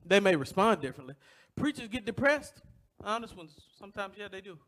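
A man's voice: high voice, very animated, a little fast. A man preaching a sermon to his congregation, telling a personal story and asking rhetorical questions, acting out other people's voices along the way. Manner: acts out voices in stories, loud bursts. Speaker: pastor. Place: church.

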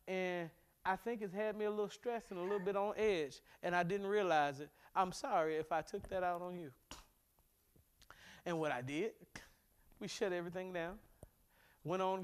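A man, a pastor from America, preaching a sermon in a church, animated and humorous, with sudden bursts of emphasis. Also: high voice, normal speed, smooth. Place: church sanctuary.

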